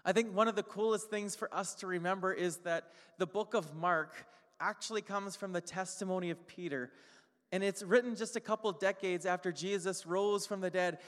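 A male pastor preaching a sermon, emphatic and repetitive, stacking short phrases and slowing down on key lines. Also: high voice, fairly even intonation, fairly bright tone. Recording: long hall reverb.

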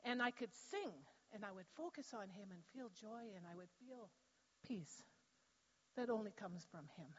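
A woman sharing a personal testimony in church, telling her story in an animated way and laughing easily. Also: mid-range voice, normal speed, breathy edge. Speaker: church member giving testimony. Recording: dull sound with long hall reverb.

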